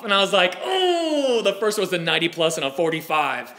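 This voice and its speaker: A man in his forties telling a story to a live audience, animated and acting out the people he quotes. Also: high voice, a little fast. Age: 40s. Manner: animated, acts out quoted voices. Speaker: speaker. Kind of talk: storytelling talk.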